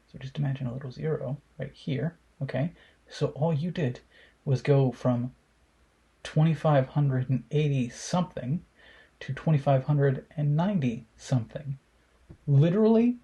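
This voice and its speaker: A young man talks through memes in casual, swear-heavy commentary, mocking and sarcastic. His voice is mellow and dark, with a very husky, rough edge. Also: medium pitch, dull audio.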